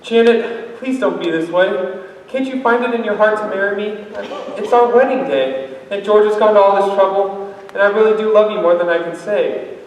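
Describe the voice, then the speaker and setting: A man's voice: high voice, normal speed, natural voice. A teenage boy in a school stage musical, playing an earnest young groom who pleads with his bride. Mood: pleading. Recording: echoey hall from far off, faint noise.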